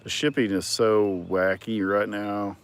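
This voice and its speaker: A man's voice: on the low side, level tone, unhurried, clear, resonant tone. A man hosting a casual livestream, reading viewer comments and talking in a rambling way with many ums and some dry sarcasm. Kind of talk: casual chat.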